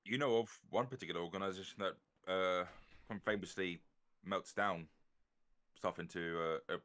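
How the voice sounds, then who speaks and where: A man's voice: low voice, moderate pace, fairly bright tone. A man running a tabletop role-playing game, casual and swearing often. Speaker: game master.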